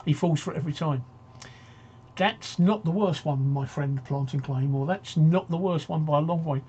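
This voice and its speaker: A man's voice: a little high, normal speed, a little mellow, dull audio, a little hiss or hum. A man hosting a casual live-stream talk show, rambling and joking as he reads out viewer comments.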